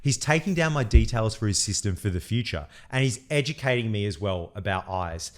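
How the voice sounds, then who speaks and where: A man co-hosting a podcast, telling stories in a lively, casual way and swearing freely. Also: lowish voice, brisk. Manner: animated storyteller, swears casually. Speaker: podcast co-host.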